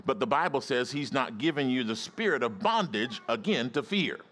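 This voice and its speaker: A man's voice: medium pitch, expressive, normal speed, a bit bright. A male pastor preaching a sermon, emphatic and calling out to his congregation for responses.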